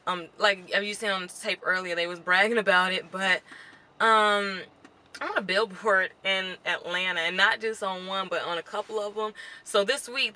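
A woman's voice: medium pitch, pushed and bright. A young woman, chatting to camera from her car, emotional and close to tears. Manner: chatty and emotional, near tears, says "y'all" often. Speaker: beauty vlogger. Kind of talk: casual vlog to camera. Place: car parked at a gas station.

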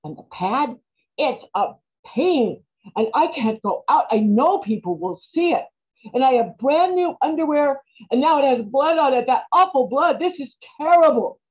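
A woman performing a stage monologue about her girlhood. She sounds stubborn and indignant, and bursts into shouts. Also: sits high, expressive, normal speed, muffled recording.

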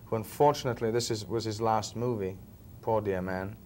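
A man's voice: lowish voice, fairly even intonation, brisk, a little mellow, slight background noise. A man, telling stories as a film actor being interviewed, chatty and chuckling now and then. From England, Liverpool. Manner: chatty storyteller, often chuckling. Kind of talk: relaxed interview chat.

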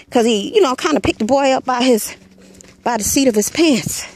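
A woman with a high voice tells a story in loose, casual commentary to her channel. She is blunt and swears freely, and she hammers her points home with a drawn-out "Hello.". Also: dry recording. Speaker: channel host.

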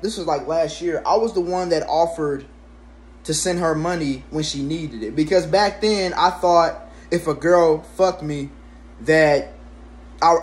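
A man in his twenties telling a casual storytime rant at home, swearing constantly and jumping into sudden high exclamations. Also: a little hiss or hum. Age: 20s. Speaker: vlogger.

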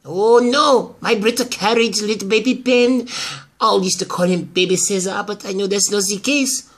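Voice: mid-range voice, normal speed, fairly bright tone. A performer voicing a scheming older woman who is obsessed with her daughter and grandson, in amateur soap-opera acting. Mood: gloating. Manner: haughty, gloating, pleading in turns.

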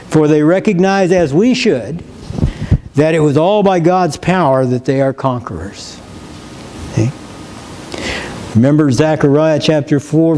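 A man's voice: a little high, darkish tone, a little hiss or hum, low-quality recording. A male pastor giving a sermon in a church, preaching emphatically and reading scripture with rising force. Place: church sanctuary.

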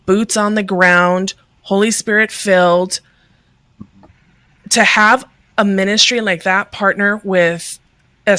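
A woman's voice: medium pitch, sharp tone, no room sound. A woman guest on a video-call interview, talking earnestly and conversationally with many fillers. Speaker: guest, ministry leader.

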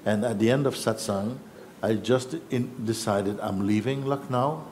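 A man telling a personal story in a reflective, halting way, acting out what others said. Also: on the low side, darkish tone, a little hiss or hum. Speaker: spiritual teacher.

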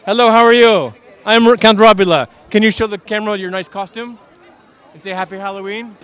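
A man's voice: high-pitched, a little fast, fairly bright tone, clean tone. Guy putting on a transylvanian count character, broken english, goofy and reassuring, some crowd noise behind. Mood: playful. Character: male Transylvanian count posing as a businessman. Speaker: street interviewer. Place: outdoor Halloween parade.

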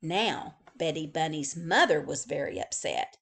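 A woman librarian reading a picture book aloud to young children, slow and expressive. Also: mid-range voice.

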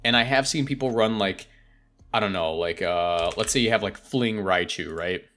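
A young man runs his own competitive gaming channel, his fairly low, somewhat bright voice set against slight background noise. Casually rating game characters, he chats with quick asides and often revises himself mid-thought.

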